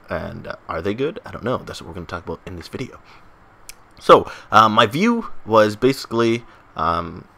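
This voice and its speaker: Young male vlogger, bright lowish voice, joking and self-mocking, loose rambling delivery. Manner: joking, self-mocking, many fillers and restarts. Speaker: gaming vlogger. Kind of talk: casual rambling monologue to viewers.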